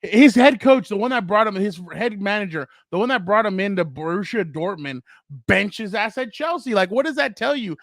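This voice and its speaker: A man from the United States co-hosting a casual sports chat, telling animated stories and acting out what people said. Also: sits high, normal speed, dry recording, studio quality. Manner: animated storyteller acting out quotes. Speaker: co-host.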